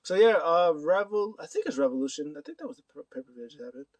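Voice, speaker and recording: A man's voice: a little high, very animated, fast, no room sound, recorded from a distance. A man casually recapping wrestling news to his camera, rambling with many fillers and acting out quotes. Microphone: camera mic.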